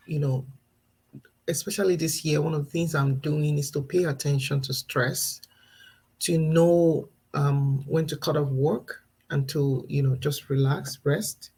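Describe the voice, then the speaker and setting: A low-pitched, dark, breathy-edged voice comes through a low-quality recording. It belongs to a woman in her thirties, a mother and parenting vlogger sharing earnest, reflective thoughts in a casual live video, with occasional laughs between points.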